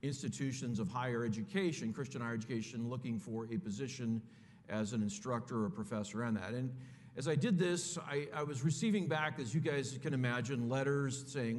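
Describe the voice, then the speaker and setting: A man's voice: mid-range voice, brisk. A middle-aged man preaching, telling a personal story in a conversational way and calling his listeners folks. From California. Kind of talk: sermon storytelling. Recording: echoey hall.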